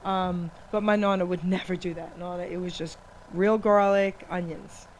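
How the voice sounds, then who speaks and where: A woman radio host from an Italian-American family, chatting casually in a teasing, animated way and laughing often. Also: fairly low pitch, moderate pace, low-quality recording. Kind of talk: casual chat. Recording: live radio studio with faint noise.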